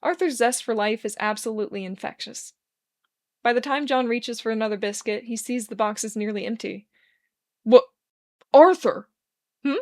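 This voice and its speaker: A woman reading a fan fiction story aloud in a steady, even narration. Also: a little high, brisk.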